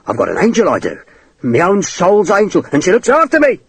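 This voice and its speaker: A man voicing a deranged, twitching male soldier who pleads and shrieks hysterically in a shrill voice. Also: big pitch swings, moderate pace, husky, no echo, heavily acted. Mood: pleading.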